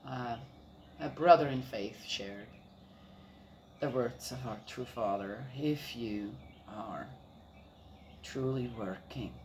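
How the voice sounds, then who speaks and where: In a recording with a slight hiss or hum, an older woman with an extremely low voice speaks slowly and pauses often. She's a grandmother casually rambling about family life, warm and laughing, repeating her fillers.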